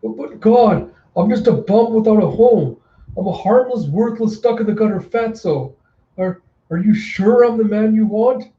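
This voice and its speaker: Brief: male reader doing a cowardly homeless bum, high and whiny, pleading. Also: brisk, hardly any pauses, reverberant, distant mic, muffled recording, close to an everyday voice. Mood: panicky pleading. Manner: panicky, squealing.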